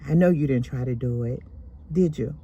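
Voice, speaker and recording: A woman's voice: very deep voice, moderate pace, mellow, breathy edge, muffled recording. A woman quoting a grown man from her story in a sweet-talking, falsely innocent tone. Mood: coaxing. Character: coaxing grown man, a family member.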